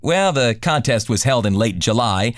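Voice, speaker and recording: Lively male radio countdown host. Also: mid-range voice, normal speed, dry recording, studio quality. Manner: smooth, lively announcer delivery. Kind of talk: scripted radio countdown announcing.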